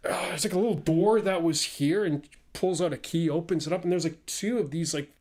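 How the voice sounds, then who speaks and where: A middle-aged man, a guest pianist, telling stories in a casual interview, animated and laughing, often repeating his words. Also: fairly high pitch, brisk.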